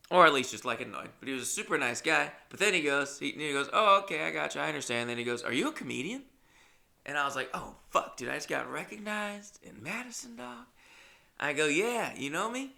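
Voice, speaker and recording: A young man, a comedian and podcast host, telling a story in casual monologue, swearing freely and acting out the dialogue in lively bursts. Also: mid-range voice, creaky.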